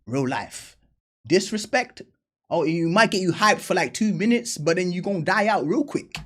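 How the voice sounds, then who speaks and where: Male reaction host, husky voice, casual and emphatic, slangy, repeats his points. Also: high voice, lively intonation, moderate pace, a bit bright.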